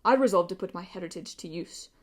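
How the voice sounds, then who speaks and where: A woman's voice: medium pitch, moderate pace, dark tone, natural voice. A woman reading an audiobook and voicing a bitter, arrogant male pirate villain who sneers and drops into hissing whispers. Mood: sneering.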